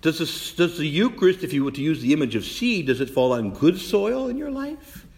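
A man preaching from the altar, his voice leaping around with lively, expressive pitch. He fires question after question at the congregation, sometimes loud and excited, sometimes dropping to a hush. A long reverb rings through the large church. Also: a little fast. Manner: animated preaching, swinging from loud exclamations to hushed whispers; asks the congregation many rhetorical questions. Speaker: Catholic priest. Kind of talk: sermon.

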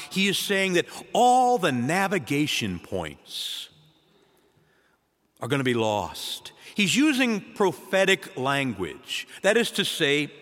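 A man preaching a sermon as a priest, his voice sitting a little high and rising and falling dramatically between loud urgent phrases and hushed lines. His words ring out with a long church reverb. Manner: dramatic preaching with wide swings in pitch and loudness.

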